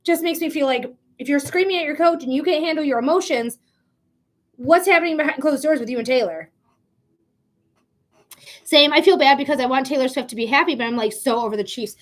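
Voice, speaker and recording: A woman's voice: high voice, a little fast, long pauses. A woman hosting a live psychic reading stream, chatting casually in a blunt, profane way with frequent laughs. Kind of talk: casual livestream chat.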